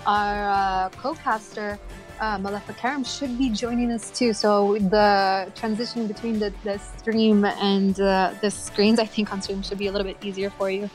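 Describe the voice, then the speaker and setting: A woman casting an esports tournament, chatty and upbeat, laughing often. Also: mid-range voice. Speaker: esports caster.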